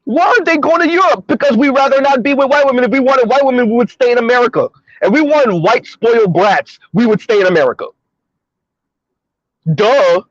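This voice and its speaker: Male vlogger, high pitch, emphatic and mocking monologue from the car, dry lo-fi sound. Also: brisk, dry recording. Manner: emphatic, sarcastic, repeats points. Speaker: commentary vlogger. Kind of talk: opinionated commentary monologue. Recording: dull lo-fi recording.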